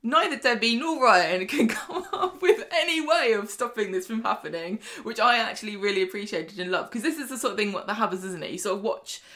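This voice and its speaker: A woman co-hosting a podcast, chatting casually as she retells soap scenes, laughing often and acting out quick quotes. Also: medium pitch, animated, fairly bright tone. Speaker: podcast co-host. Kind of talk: casual chat recapping a soap episode.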